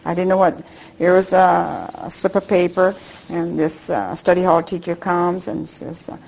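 An older woman whose first language is Japanese, recalling her school days for an oral history interview. She rambles gently and acts out the voices of the people she remembers. She speaks softly and often trails off, in a slightly low voice. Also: level tone, moderate pace, gravelly, a little hiss or hum, rough recording. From United States. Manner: rambling storytelling, acting out remembered dialogue.

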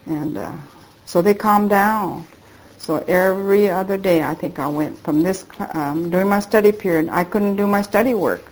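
A woman's voice: medium pitch, normal speed, a little mellow, poor audio. An older woman whose first language is Japanese, rambling through a remembered story in an oral history interview and acting out the dialogue. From United States.

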